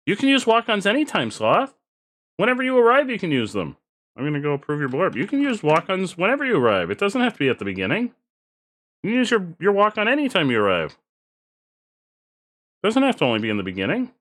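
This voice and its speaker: A man's voice: high voice, huge pitch swings, fast talker, pauses often, fairly bright tone. A man streaming a game, chatting casually and explaining things to viewers, often repeating himself. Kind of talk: casual live-stream chat while gaming.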